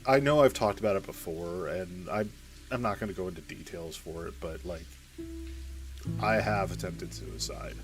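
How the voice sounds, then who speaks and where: Low-voiced man, tearful and halting. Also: music in the background. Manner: candid, halting, emotional. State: tearful, choked up. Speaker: streamer playing a game. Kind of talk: casual let's-play commentary.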